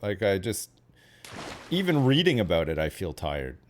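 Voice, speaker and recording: A man's voice: low-pitched, huge pitch swings, moderate pace, a little hiss or hum. A Canadian man chatting casually on a stream, rambling and often ending with "right?". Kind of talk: casual chat.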